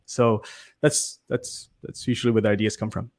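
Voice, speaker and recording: A man's voice: medium pitch, a little fast, a little mellow. A man from Canada, a guest on a talk show, talking in a loose, chatty way with lots of fillers. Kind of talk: casual interview chat.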